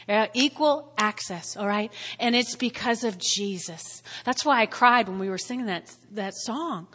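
A woman pastor preaching a sermon with strong emotion, swinging between loud exclamations and hushed whispers, at times close to tears. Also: medium pitch, a little slow, hardly any pauses. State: tearful at times. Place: church hall. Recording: long hall reverb.

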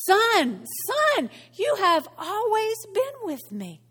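A woman voicing a loving older father, speaking kindly with gentle exasperation during a sermon. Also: very high voice, huge pitch swings, slow pace, pitched above the performer's own voice, exaggerated voice. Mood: tender. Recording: long church hall reverb.

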